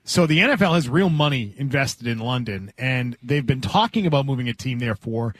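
A man's voice: medium pitch, animated, a little fast, no echo. A man hosting a sports talk radio show, reading out quotes and then arguing his point. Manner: reads quotes aloud, then argues a point.

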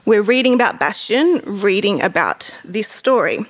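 A woman's voice: mid-range voice, lively intonation, moderate pace. A woman, an author, chatting casually about books in a giggly way with lots of fillers. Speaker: author and book vlogger. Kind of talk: casual book chat and reading aloud.

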